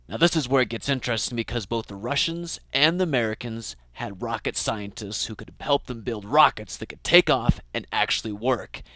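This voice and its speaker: A man's voice: on the low side, pushed and bright, no room sound. A young man narrating a scripted science lesson in a playful, jokey, theatrical way. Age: young adult. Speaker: science educator.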